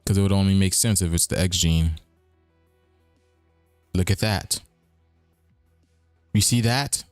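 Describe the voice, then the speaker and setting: A man's voice: low voice, unhurried, dry recording, soft background music. Rambling man hosting a casual stream. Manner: rambling, repetitive, chuckling asides. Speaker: streaming show host. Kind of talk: casual livestream talk.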